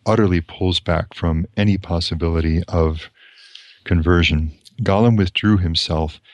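A deep-voiced man lecturing on a novel. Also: dry recording. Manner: measured, reflective, with restarts. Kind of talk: reading and commenting on a novel.

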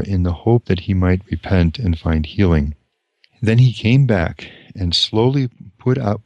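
A man reading a novel aloud and commenting on it as a lecturer, slow and deliberate. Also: low-pitched, no echo.

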